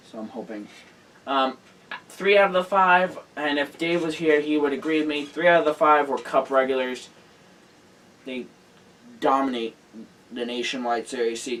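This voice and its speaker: A tired man hosting a casual racing news roundup, hurried and rambling, correcting himself as he goes. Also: mid-range voice, a bit bright, recorded from a distance, slight background noise, rough recording. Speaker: host.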